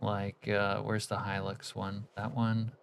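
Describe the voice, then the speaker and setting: Slow and gravelly, this fairly low male voice stays completely flat while he streams a game live. He reads viewer messages out loud, chats casually with them, and mumbles comments on the gameplay, with a little hiss or hum in the recording.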